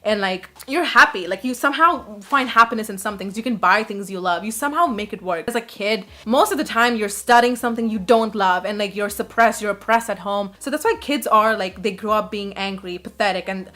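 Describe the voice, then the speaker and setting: A woman's voice: medium pitch, fairly quick, hardly any pauses, bright, forceful tone. A young woman in her twenties telling a casual storytime, chatty and blunt, with lots of "like" and swearing.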